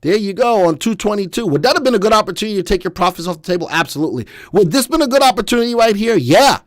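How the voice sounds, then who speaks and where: A man hosting a live stock analysis webcast, walking viewers through charts with energetic, folksy commentary. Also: high-pitched, racing, dry recording, clean studio sound. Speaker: stock market analysis host.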